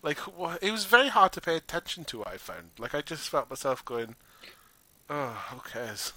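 A man casually discussing a film with a friend in a wry, animated way, swearing now and then. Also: a little high, fairly quick, no room sound. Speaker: podcast co-host.

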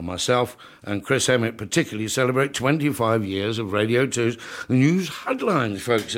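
A man's voice: medium pitch, fairly bright tone. An older man from England, a comedian telling showbiz anecdotes to an audience in a chatty, storytelling way, often chuckling and acting out other people's voices.

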